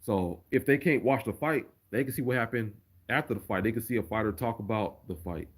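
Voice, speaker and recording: A man's voice: fairly low pitch, a little fast, breathy edge. A man chatting casually on a livestream and reading viewer comments aloud. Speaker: streamer.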